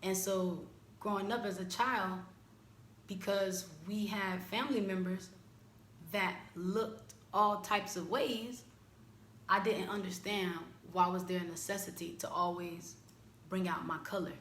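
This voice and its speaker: A woman from the United States giving a candid, searching personal reflection, with halting restarts. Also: mid-range voice, fairly even intonation, fairly bright tone, reverberant, a little hiss or hum. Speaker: vlogger.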